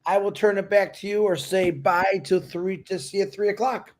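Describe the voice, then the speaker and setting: A man's voice: high-pitched, fairly even intonation, normal speed, darkish tone. A man co-hosting a live stream in casual chat, upbeat and teasing, giving encouragement over a video call mic. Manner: upbeat, teasing, pep-talk delivery.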